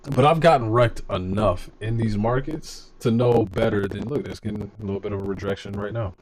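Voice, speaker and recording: A man's voice: lowish voice, a little fast, a little mellow. A man doing casual live-stream market analysis from a home room on a desk mic, chatty and laid-back, talking to his chat. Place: home room with computer fans and laundry nearby. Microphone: desk microphone.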